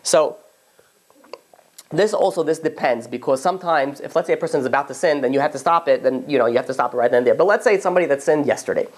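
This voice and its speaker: A man's voice: medium pitch, quick pace. A male rabbi teaching an informal class, telling stories with animation and acting out conversations as he goes. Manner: animated storyteller, acts out dialogue, frequent restarts. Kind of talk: informal Torah class with storytelling.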